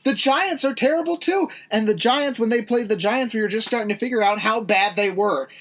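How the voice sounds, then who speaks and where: A man's voice: high voice, fairly bright tone. Guy ranting about football on a podcast, fired up, kinda breathless. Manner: fast, indignant ranting. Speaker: podcast co-host. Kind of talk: heated sports rant.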